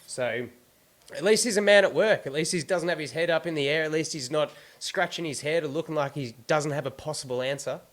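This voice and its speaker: A man's voice: fairly high pitch, brisk. A man with an Australian accent hosting a casual sports podcast, running through team news in an easygoing way. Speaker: podcast host.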